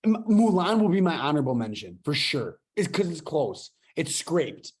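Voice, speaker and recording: A man's voice: fairly high pitch, very animated, moderate pace, darkish tone. Enthusiastic young man hosting a podcast. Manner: enthusiastic, rambling with restarts. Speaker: podcast host. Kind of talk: casual podcast chat.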